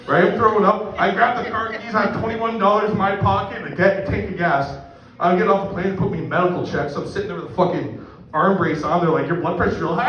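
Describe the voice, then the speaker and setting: A man's voice: high voice, brisk, a bit bright. A middle-aged man from Canada telling a profane, rambling, self-mocking story in a stand-up set. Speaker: stand-up comedian. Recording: echoey distant room mic, muffled.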